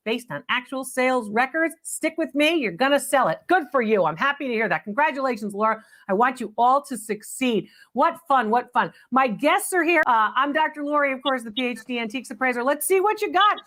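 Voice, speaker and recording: Brief: high-pitched middle-aged woman host, upbeat, chatty antiques appraiser on a call-in show. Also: lively intonation, fairly quick, a bit bright.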